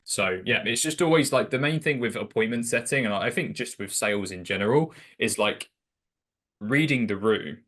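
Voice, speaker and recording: A man's voice: mid-range voice, expressive, brisk, few pauses, fairly bright tone. A man talking through sales advice in a loose, chatty way, telling stories with lots of filler words. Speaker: sales coach guest. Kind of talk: casual conversational storytelling.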